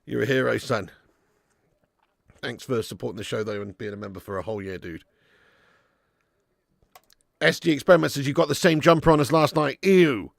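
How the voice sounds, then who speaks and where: Laughing man with a gravelly voice. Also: mid-range voice, moderate pace, long pauses, dry recording. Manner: jokey banter, reading out viewer messages, laughing often. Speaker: watch-along stream host. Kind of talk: live football watch-along chat.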